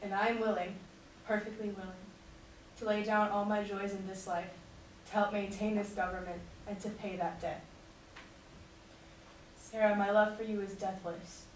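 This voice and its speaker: A woman giving a class presentation and a dramatic reading of a letter, in an earnest, measured delivery. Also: medium pitch, flat delivery. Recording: echoey room recorded from a distance, faint noise.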